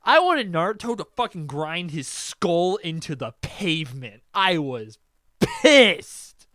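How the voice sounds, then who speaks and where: A man hosting a podcast in casual chat, excitable and profane, laughing often. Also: on the high side, unhurried, dry recording, clean studio sound. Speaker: podcast host.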